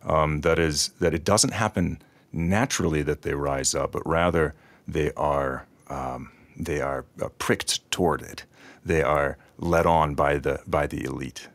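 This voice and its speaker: Deep gravelly man host. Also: fairly even intonation, a little slow, no echo. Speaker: interview host. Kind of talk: conversational interview.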